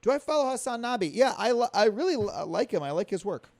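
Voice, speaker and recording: Man mimicking a friendly male comedian, high voice, rapid halting delivery. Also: lively intonation, darkish tone. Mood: chummy. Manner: halting, stumbling over words.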